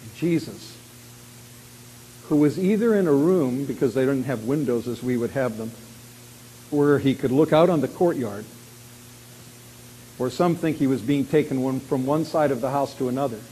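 A man preaching a sermon. He acts out quoted lines loudly and drops to a quiet voice when he reflects. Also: mid-range voice, normal speed, pauses often. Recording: long hall reverb with faint hiss.

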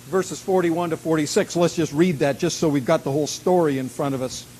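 Pastor guy preaching, slightly high voice, big dramatic swells then goes quiet, faint hiss behind. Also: low-quality recording. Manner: dramatic, slows and rises to a shout on key lines. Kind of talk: sermon.

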